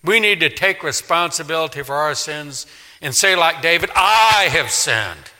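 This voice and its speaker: Brief: man, pastor mid-sermon, piercing bright tone, slightly high pitch, emphatic with big swings from loud to hushed. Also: normal speed. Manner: emphatic, swings from loud declaring to quiet pleading. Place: church sanctuary. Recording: long reverb of a large hall.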